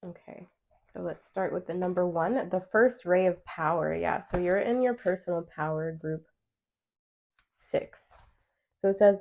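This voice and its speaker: Female tarot reader, mellow with a gravelly edge, chatty and encouraging, talks straight to viewers. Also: fairly low pitch, measured pace. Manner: chatty and encouraging, reads card meanings aloud; addresses viewers directly. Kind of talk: pick-a-card tarot reading to camera.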